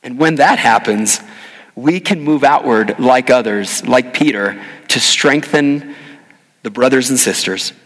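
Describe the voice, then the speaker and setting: A male pastor giving a sermon, earnest and animated, telling a personal story. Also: mid-range voice, measured pace, in a large hall, rough recording.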